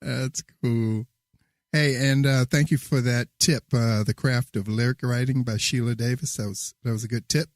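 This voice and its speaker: A man hosting a podcast interview, relaxed and friendly, laughing often. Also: medium pitch, moderate pace, no room sound, studio quality. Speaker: podcast host. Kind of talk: casual interview chat.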